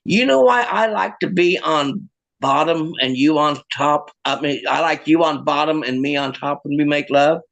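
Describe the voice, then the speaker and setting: A man's voice: on the high side, moderate pace, creaky, a bit bright, voice pushed down. A man voicing a blunt, demanding middle-aged wife in a stand-up joke.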